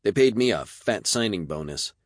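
A man's voice: on the low side, lively intonation, moderate pace, no echo, clean studio sound, pitched above the performer's own voice, natural voice. A man voicing a cheerful young male videographer with a breezy, upbeat manner.

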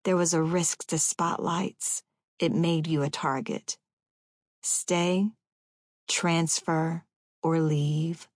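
A woman in her forties reading her own memoir as a first-person audiobook, in a measured, deliberate way. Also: low-pitched, fairly even intonation, no echo, studio quality. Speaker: audiobook narrator.

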